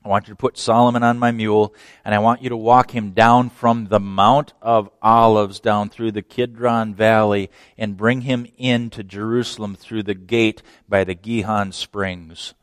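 A man preaching a sermon, telling a story with folksy asides, dropping to a near whisper and then rising to excited shouts. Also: fairly low pitch, moderate pace, dry recording. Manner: lively storytelling, swings from hushed to shouting; laughs between phrases, folksy asides. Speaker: pastor.

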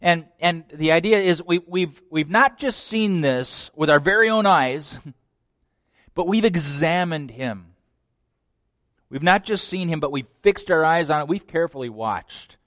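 A man preaching a sermon, dramatic, swinging between loud declarations and hushed lines. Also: a little high, lively intonation, measured pace, dry recording, studio quality.

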